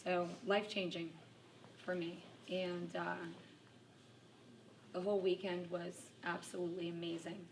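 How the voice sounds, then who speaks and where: A woman shares a casual testimonial with a workshop group, telling stories at an unhurried pace and laughing at herself often. She is picked up by a distant mic that catches the wider room. A clear bed of room ambience runs underneath her voice. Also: on the low side, a little hiss or hum. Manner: chatty storyteller who laughs often at herself. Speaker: workshop participant giving a testimonial.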